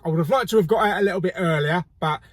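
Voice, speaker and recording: A man's voice: high voice, rapid-fire, no room sound. A man hosting a casual shopping vlog, cheeky and jokey, swearing casually. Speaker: video host. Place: car and multi-storey car park.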